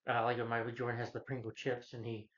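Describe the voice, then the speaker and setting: A man's voice: mid-range voice, monotone, quick pace, fairly bright tone. A man giving a casual, rambling plot recap as a movie reviewer, with many restarts and "you know" fillers. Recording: dull lo-fi recording.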